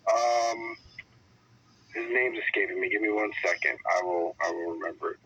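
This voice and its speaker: A man working in police internal affairs, taking a phone call and answering in a relaxed, patient, slightly amused way. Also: low voice, normal speed, breathy edge, no room sound.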